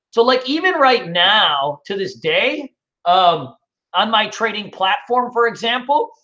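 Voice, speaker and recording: A man's voice: high-pitched, bright, forceful tone, muffled recording. A man hosting a casual trading webinar, answering viewer questions in a loose, rambling way with many fillers.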